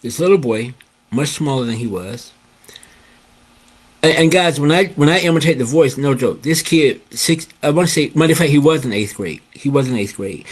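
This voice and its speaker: An older man telling a story in a casual, animated way, often checking in with "okay?" and addressing his viewers as guys. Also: fairly high pitch, moderate pace, breathy edge. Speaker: host.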